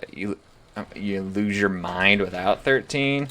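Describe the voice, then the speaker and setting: A man's voice: lowish voice, takes it slowly, pushed and bright, a little hiss or hum. A young man talking casually on a live stream, rambling and swearing freely.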